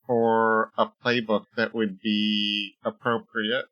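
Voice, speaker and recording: A man's voice: fairly low pitch, level tone, takes it slowly, lo-fi sound. A man co-hosting a podcast in casual chat, hesitant, with many ums and short agreements. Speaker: podcast co-host. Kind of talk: casual chat about tabletop games.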